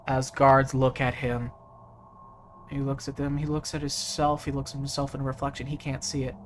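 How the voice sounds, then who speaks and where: A man narrating as game master of a tabletop game. He talks slowly and lets fillers slip in as he goes, with faint hiss in the background. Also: mid-range voice, little pitch movement. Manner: unhurried, with frequent fillers.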